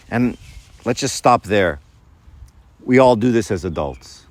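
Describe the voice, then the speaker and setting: A man's voice: mid-range voice, measured pace, no echo. A man in his fifties giving a conversational faith talk to young people, often checking in with "right?" and acting out little scenes. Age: 50s. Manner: informal, keeps checking in with "right?"; acts out little scenes with changed voices.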